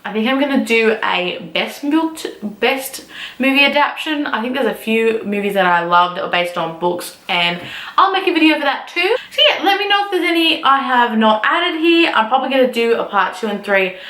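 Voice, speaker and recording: A young woman ranting casually to camera as a book vlogger, animated and swearing freely. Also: on the high side, moderate pace, reverberant, a little hiss or hum.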